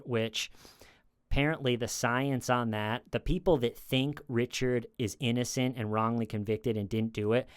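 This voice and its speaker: A man's voice: mid-range voice, smooth, dry recording, clean studio sound. A man giving casual true crime commentary, rambling as he talks and acting out quoted lines in a raised voice.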